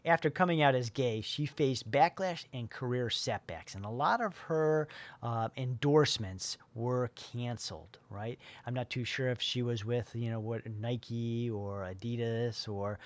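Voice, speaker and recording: A man in his forties or older talks as a motivational life coach, his voice sitting at an ordinary middle pitch. He rambles through his points with plenty of fillers and restarts. The sound is dry and close, with no room around it. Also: a little slow, no room sound. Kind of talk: motivational talk.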